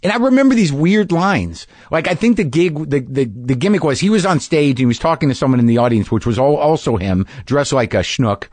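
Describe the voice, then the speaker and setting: A man's voice: a little high, lively intonation, fairly quick, hardly any pauses, a little mellow, no echo. A middle-aged man hosting a podcast, talking in a rambling, casual way from his garage studio. He repeats his words and swears freely. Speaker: podcast host. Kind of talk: casual monologue. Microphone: studio mic in a home garage.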